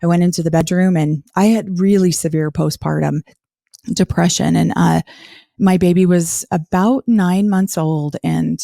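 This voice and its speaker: Mellow-voiced woman telling her story. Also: lowish voice, steady tone, unhurried, creaky, no room sound, studio quality. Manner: candid, earnest recounting. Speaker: interview guest. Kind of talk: personal life story in conversation.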